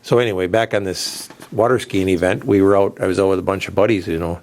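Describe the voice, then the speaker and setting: A middle-aged radio host from the southern United States tells a long, rambling story casually, laughing through it as he goes. His voice sits low and a little mellow, steady in tone and quick in pace.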